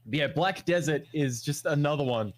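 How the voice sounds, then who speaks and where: An Australian man co-hosting a casual gaming chat, ranting with lots of swearing and mocking voices. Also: fairly high pitch. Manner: ranting, profane, mocking quotes. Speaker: podcast co-host.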